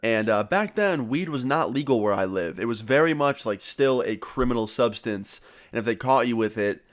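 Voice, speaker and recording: A man's voice: medium pitch, lively intonation, normal speed. Young man telling a story, swearing freely. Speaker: vlogger. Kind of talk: casual storytelling.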